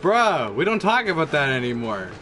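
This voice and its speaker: A man streaming live gameplay commentary, excitable and sarcastic, breaking into laughter and yelps. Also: fairly high pitch, moderate pace, soft background music. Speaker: gaming streamer.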